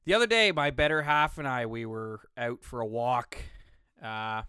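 A man's voice: medium pitch, moderate pace, pushed and bright, smooth, no echo, studio quality. A young man hosting a solo podcast, talking in a casual, profane, rambling and self-mocking way, slightly out of breath. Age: young adult. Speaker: podcast host. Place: home studio room.

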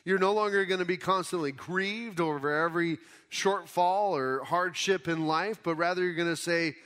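A pastor preaching a conversational sermon, explaining scripture casually in everyday words. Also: male voice, sits high, normal speed, a bit bright, clear, resonant tone. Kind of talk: conversational Bible teaching sermon.

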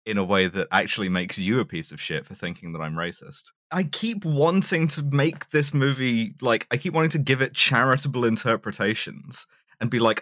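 Male co-host, low voice, dry close sound, sarcastic casual banter. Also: normal speed, dry recording. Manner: animated, sarcastic, swears freely. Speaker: podcast co-host. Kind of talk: casual chat.

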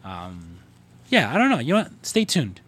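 A man's voice: mid-range voice, wildly swooping pitch, moderate pace, fairly bright tone, slightly rough, dry recording. A man co-hosting a podcast, telling a story in a casual, rambling way full of fillers and cursing. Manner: rambling, profane, filler-heavy. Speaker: podcast co-host.

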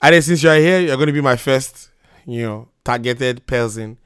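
Sick, hoarse male podcast host. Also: medium pitch, normal speed, a bit bright, dry recording, studio quality. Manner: joking, laughing, rambling. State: sick, losing his voice. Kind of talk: casual call-in podcast chat.

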